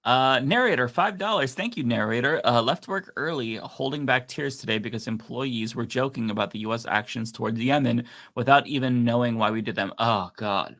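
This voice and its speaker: A man with a bright, forward voice talks casually on a livestream. He rambles through fillers and restarts, reads donor messages aloud, and laughs easily. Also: mid-range voice, moderate pace, few pauses. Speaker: co-host reading donations.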